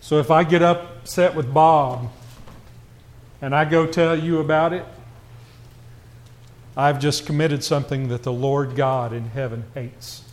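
A man preaching a conversational sermon to a church congregation, asking rhetorical questions and swinging from quiet asides to raised, emphatic passages. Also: on the high side, steady tone, measured pace, long pauses.

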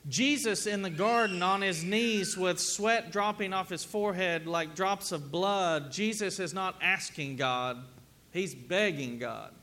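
A man's voice: high-pitched, measured pace, sharp tone. A middle-aged man preaching a sermon to a congregation in a conversational way, asking them questions as he goes. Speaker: pastor. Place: church sanctuary with congregation.

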